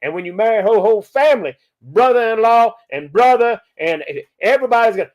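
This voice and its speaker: Folksy male host for a live Q&A; pitched high, swinging up and down a lot. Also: lively intonation, quick pace, a little mellow. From Louisiana. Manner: folksy, peppers talk with "okay?". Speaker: podcast host. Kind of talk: live chat answering viewer questions.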